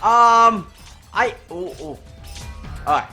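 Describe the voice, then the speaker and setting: A let's play host shouts frantic panicked exclamations while he plays, cracking jokes in between. His voice is high and bright, swinging widely in pitch despite an unhurried pace. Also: soft background music. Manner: animated, joking. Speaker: gaming channel host.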